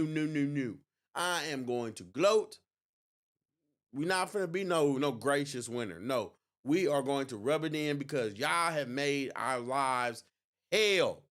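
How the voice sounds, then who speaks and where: Animated, gloating man streaming. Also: on the high side. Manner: gloating, mocking, animated, laughs often. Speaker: livestream host. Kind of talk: election night livestream commentary.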